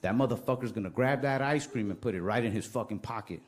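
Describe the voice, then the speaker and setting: A man's voice: mid-range voice, fast, close to an everyday voice. A man voicing a suspicious, hostile adult male store cashier who talks with contempt. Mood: contemptuous.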